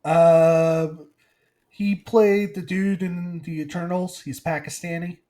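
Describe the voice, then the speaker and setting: A man co-hosting a podcast in casual chat, animated and laughing as he reads news items aloud. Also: high voice, slow. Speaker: podcast co-host.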